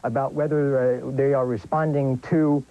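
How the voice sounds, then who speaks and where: Man, news correspondent, mellow voice, careful, recapping, worn broadcast tape. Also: mid-range voice, level tone, normal speed, dull audio. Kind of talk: live news report.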